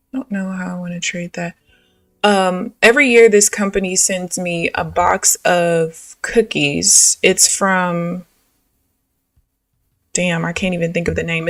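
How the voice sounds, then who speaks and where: A woman's voice: fairly low pitch, dry recording, distant mic. Exasperated, swearing young woman storyteller. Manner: chatty, exasperated, swears freely, slangy. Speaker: live trading streamer. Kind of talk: casual storytelling while trading live.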